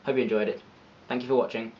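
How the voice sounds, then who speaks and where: A man's voice: medium pitch, level tone, quick pace, highs cut off, slight background noise. A man narrating an educational video with playful, chatty, self-mocking asides. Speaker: video creator.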